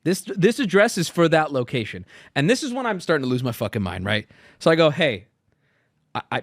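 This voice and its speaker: A man in his thirties telling a long story in a casual, animated way, swearing and acting out the exasperated dialogue. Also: fairly high pitch, no echo, studio quality.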